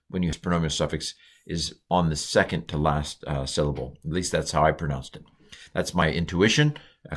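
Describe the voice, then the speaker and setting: Low-voiced man teaching a casual lesson. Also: a bit bright. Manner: casual, thinking aloud with many fillers and restarts; slows and stretches words when pronouncing Hebrew. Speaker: Hebrew teacher. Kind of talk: informal recorded language lesson.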